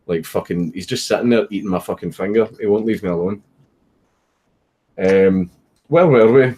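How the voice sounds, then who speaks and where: A man's voice: on the low side, normal speed, mellow. A Scottish man on a casual livestream, swearing often and laughing through his stories while reading comments. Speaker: streamer. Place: home, at a computer, with a puppy. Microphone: desk microphone.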